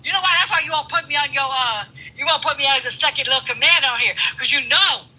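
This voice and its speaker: A woman arguing heatedly and profanely on a live stream, often shouting and talking over the other person. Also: sits high, quick pace, rough recording.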